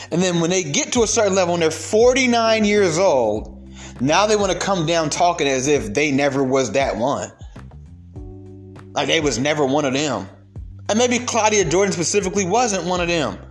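A young man delivering a heated, profane rant of social commentary, emphatic and blunt. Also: fairly high pitch.

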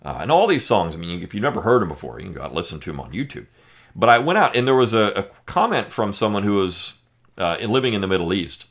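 Man, low register, animated delivery; sarcastic opinion commentary for a podcast. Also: fast talker. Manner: emphatic, sarcastic, with frequent fillers. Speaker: podcast host.

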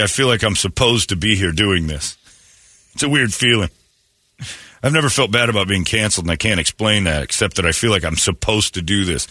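Bright-voiced man in animated banter. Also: a little fast, slightly rough, dry recording. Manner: animated, mocking, jumps into high voices for bits. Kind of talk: casual comedic chat.

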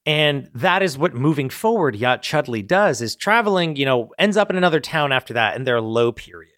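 A man in casual chat, animated and profane, acting out characters' lines as he brainstorms a story. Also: medium pitch, fairly quick, dry recording, studio quality.

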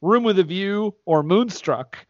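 A man with a slightly high voice trades dry, sarcastic film opinions with his co-hosts. The audio is dead dry with no room sound, and a little dull and lo-fi. He keeps it casual, deadpan and chatty. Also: measured pace, dry recording. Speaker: podcast co-host reviewing films. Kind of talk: casual chat reading listener reviews.

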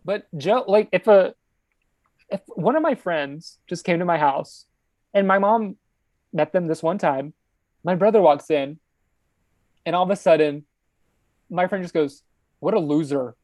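A woman's voice: on the low side, measured pace, long pauses, no room sound. A young woman co-hosting a podcast, chatting casually as she recaps an episode and acts out the lines. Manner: animated retelling, acting out lines. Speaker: podcast co-host.

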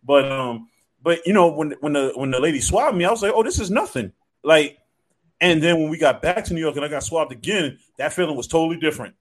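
A man in a casual chat, telling a story in a relaxed, drawn-out way with slang. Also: fairly high pitch.

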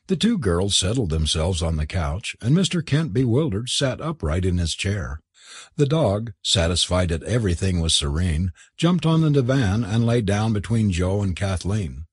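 A man's voice: low voice, very animated, normal speed, slightly rough, no echo, clean studio sound. A man narrating an audiobook, telling the story expressively and switching into voices for the characters.

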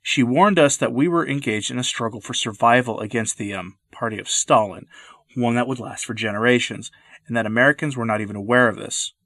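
A man delivering scripted commentary narration in a measured, deliberate way. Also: medium pitch, fairly bright tone, no echo, clean studio sound.

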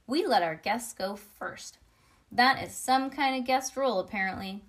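Woman reading a kids chapter book out loud, lively and expressive, stumbles a bit sometimes. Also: fairly high pitch, normal speed. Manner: lively, expressive read-aloud with small slips. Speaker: reader of a children's book.

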